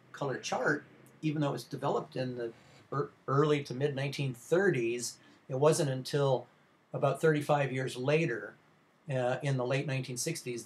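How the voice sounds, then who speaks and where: A middle-aged man giving a recorded slide lecture for a film class, informal and rambling, with many fillers and restarts. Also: on the high side.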